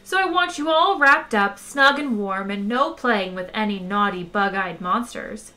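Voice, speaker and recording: A woman's voice: medium pitch, a little slow, pushed and bright. A woman voicing a fussy, motherly ship's computer that speaks in a prim, scolding, nannying way.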